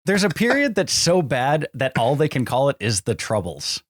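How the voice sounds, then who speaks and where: A man's voice: medium pitch, wildly swooping pitch, normal speed, a little hiss or hum. A man co-hosting a movie podcast, chatting casually with wry jokes. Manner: wry, joking. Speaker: podcast co-host. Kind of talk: casual chat.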